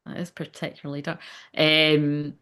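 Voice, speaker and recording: A woman's voice: low-pitched, flat delivery, moderate pace, fairly bright tone, smooth. Chatty woman reading live comments. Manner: rambling, candid, swears freely, often asks "do you know what I mean". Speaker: medium hosting a live stream. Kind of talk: casual live-stream chat reading viewer comments.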